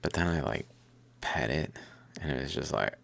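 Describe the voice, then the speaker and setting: A man's voice: rumbling low, animated, moderate pace, creaky, a bit bright, no room sound. A man talking to himself in a loose, rambling monologue, swearing and laughing now and then. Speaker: vlogger.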